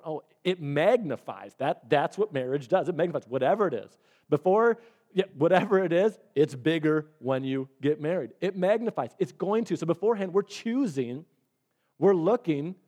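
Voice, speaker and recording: A man with a fairly high voice preaches his sermon like an easy conversation, stumbling and restarting as he goes. He sounds like a pastor telling stories from the pulpit. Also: expressive, normal speed, a little mellow. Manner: conversational storytelling with repeated restarts.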